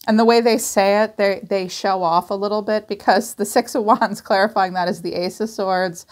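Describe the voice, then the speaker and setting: A woman's voice: mid-range voice, steady tone, a little fast. A woman giving a casual, chatty tarot reading, acting out quoted voices and swearing now and then. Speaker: tarot reader.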